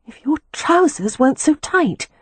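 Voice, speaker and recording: A man's voice: very high-pitched, big pitch swings, measured pace, a bit bright, dry recording, pitched above the performer's own voice, heavily acted. A man putting on a breathless young bride. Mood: breathless eager. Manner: breathless, insistent. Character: young bride, eager and flustered.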